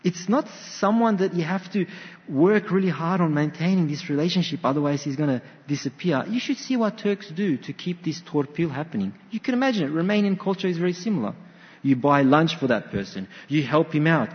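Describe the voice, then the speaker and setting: A man delivers a sermon with a lively, swooping delivery, acting out little stories as he goes. His voice sits a bit high for a man. The sound is dull and lo-fi, ringing with long reverb as if in a large hall. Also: brisk. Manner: animated storytelling with acted quotes. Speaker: preacher.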